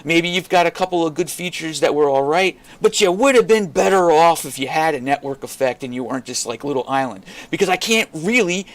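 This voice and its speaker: A man's voice: fairly high pitch, expressive, brisk, few pauses. A man ranting to camera as a vlogger, frustrated and swearing constantly, rambling with many restarts. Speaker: crypto vlogger. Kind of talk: unscripted rant to camera.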